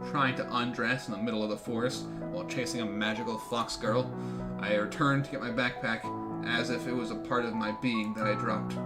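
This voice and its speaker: A man streaming a game, reading the story aloud with jokey, swearing asides. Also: medium pitch. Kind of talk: reading a visual novel aloud on a live stream. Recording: game music behind voice.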